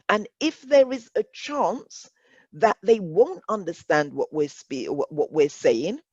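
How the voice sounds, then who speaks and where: A woman's voice: medium pitch, a little mellow, slightly rough, no echo. A woman leading a workshop discussion, speaking earnestly and reflectively, often repeating words as she works through a point. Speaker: workshop facilitator. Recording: dull lo-fi dry sound.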